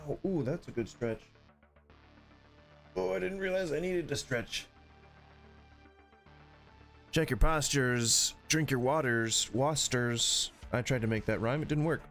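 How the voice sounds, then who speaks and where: A man's voice: mid-range voice, measured pace, pauses often, a bit bright, faint music behind. A man streaming a shooter game, chatting casually and rambling in a jokey, self-interrupting way. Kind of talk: casual gameplay commentary.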